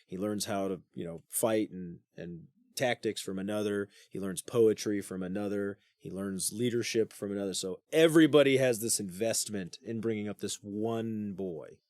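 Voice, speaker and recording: A man co-hosting a podcast, retelling an old myth in casual slang, swearing and putting on quick voices for the characters. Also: on the low side, darkish tone, dry recording, clean studio sound. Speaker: podcast co-host. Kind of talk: casual storytelling.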